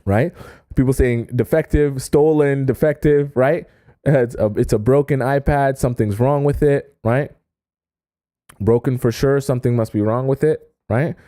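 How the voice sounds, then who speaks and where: A man coaching his viewers on dating in a relaxed, conversational way, stressing his points and checking in with "okay?" as he goes. His voice has a warm, mellow tone. The recording is dry and close. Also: medium pitch, normal speed, no room sound. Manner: emphatic, keeps checking in with "okay?" and "right?". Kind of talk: casual advice talk to an online audience.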